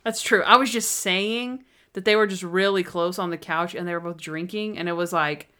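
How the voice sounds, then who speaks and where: A woman's voice: on the low side, moderate pace, sharp tone, smooth. A woman co-hosting a podcast, chatting casually and laughing often as she retells scenes from an episode, acting out the characters' lines. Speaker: podcast co-host. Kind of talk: casual chat recapping a TV episode.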